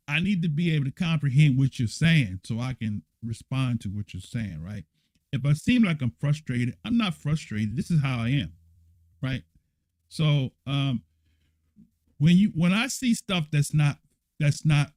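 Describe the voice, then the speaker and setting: A man teaching a scripture lesson on a livestream, speaking bluntly and emphatically. He repeats his points and keeps checking in with his viewers. His voice sits at a middle pitch and sounds dry and close to the mic. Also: darkish tone, dry recording. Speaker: church elder teaching a lesson.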